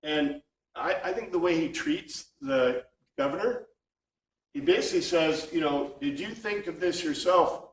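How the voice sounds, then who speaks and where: Teaching a small group's informal Bible study, a fairly high-pitched man speaks at a measured pace, often restarting as he thinks aloud. The echoey classroom recording catches him from a distance, with a little hiss or hum.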